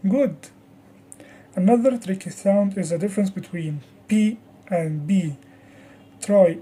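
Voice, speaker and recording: An English teacher giving a pronunciation lesson, speaking deliberately and over-articulating example words in repeat-after-me drills. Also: mid-range voice, mellow, husky, rough recording.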